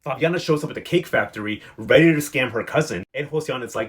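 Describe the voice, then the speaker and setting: A man's voice: medium pitch, fast talker, fairly bright tone. A young man giving a chatty, sassy, slang-filled recap of soap episodes. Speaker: recap vlogger.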